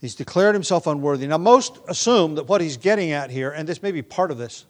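A man's voice: fairly high pitch, lively intonation, a little fast. Thoughtful man teaching from scripture. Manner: thoughtful, self-correcting, many restarts and fillers. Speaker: Bible teacher. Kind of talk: expository Bible teaching.

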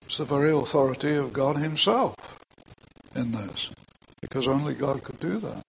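A man's voice: mid-range voice, normal speed, creaky, slight background noise, poor audio. An older man preaching a sermon in a church, talking plainly to the congregation with frequent asides.

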